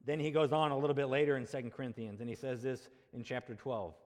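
A man's voice: mid-range voice, level tone, quick pace, a little mellow. A male pastor preaching a sermon in a conversational way, asking rhetorical questions and checking in with the congregation. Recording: long hall reverb.

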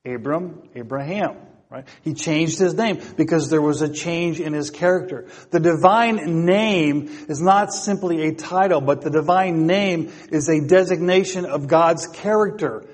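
Male preacher, high and slow, full of rhetorical questions, long hall reverb. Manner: asks rhetorical questions, repeats phrases. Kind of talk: sermon.

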